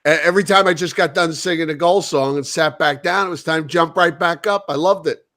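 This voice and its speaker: A man with a fairly high voice co-hosts a sports talk podcast and tells stories in a loose, rambling way. He restarts his sentences and acts out what others said. The sound is dry and close to the mic. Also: brisk, a bit bright, no echo. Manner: rambling storyteller who repeats himself and acts out quoted talk. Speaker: podcast co-host. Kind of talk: casual chat.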